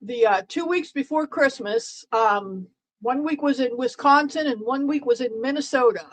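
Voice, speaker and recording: A woman's voice: sits high, moderate pace, low-quality recording. A woman hosting a live stream in casual chat with her viewers. She talks in a rambling, playful way, with lots of fillers and restarts, and teases the people in the chat. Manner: chatty, playful, teasing chat commenters. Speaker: livestream host.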